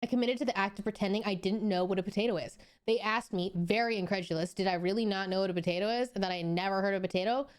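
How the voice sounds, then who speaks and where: A young woman on a casual live stream reads a story aloud and reacts in disbelief, animated and incredulous, swearing freely and laughing often. Her mid-range voice is clear and resonant, and she races along with few pauses.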